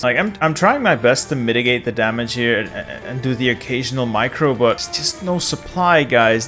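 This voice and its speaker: A man talks through his strategy game in a mid-pitched voice, ranting with exasperated, sarcastic asides. A faint guitar plays behind him. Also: a bit bright. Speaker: gaming YouTuber. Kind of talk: gameplay commentary.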